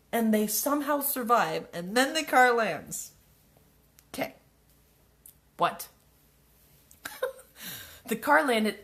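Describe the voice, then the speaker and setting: A woman's voice: medium pitch, fairly bright tone. A woman reading her own childhood story aloud, breaking off for wry, sarcastic asides. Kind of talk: live reading with mocking commentary.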